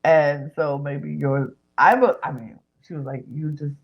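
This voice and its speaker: Husky gravelly woman recapping a show. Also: deep voice, unhurried, lo-fi sound. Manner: animated retelling, acting out others' lines. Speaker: podcast host recapping a reality show. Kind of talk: casual recap chat.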